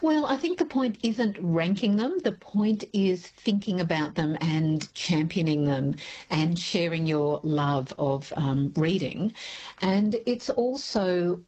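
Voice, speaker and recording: Woman, husky, low voice, thoughtful radio guest. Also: takes it slowly, low-quality recording. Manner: thoughtful, animated. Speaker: book show co-host, guest. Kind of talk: radio interview.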